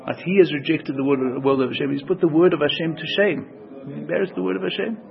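Gravelly man teaching a religious text. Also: on the high side, fast, lo-fi sound. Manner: earnest, repetitive, restating each phrase. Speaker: Torah teacher. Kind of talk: religious text lesson, translating and explaining.

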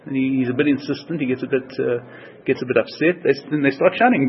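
A man's voice: medium pitch, fast talker, highs cut off, a little hiss or hum. A man teaching a religious text in an earnest, repetitive way, restating each phrase as he explains it. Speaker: Torah teacher.

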